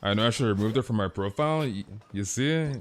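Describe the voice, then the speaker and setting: A man's voice: lowish voice, animated, fast talker, a little hiss or hum. Teasing male game streamer. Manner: playful teasing banter, says dude a lot. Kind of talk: casual live-stream chatter.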